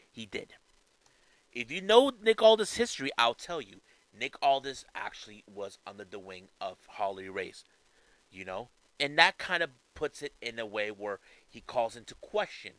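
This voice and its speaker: A man talks wrestling news in a casual commentary, his voice bright and forward. His pitch jumps around a lot as he gets into it. The sound is dry and close, with no room around it. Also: dry recording, rough recording. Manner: animated, conversational, fillers and restarts.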